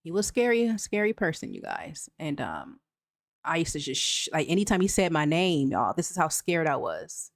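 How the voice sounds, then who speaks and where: Candid woman host, lowish dry voice. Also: very animated, normal speed, no echo. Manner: candid, talks straight to viewers with "y'all". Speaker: channel host. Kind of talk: live chat reading viewer comments.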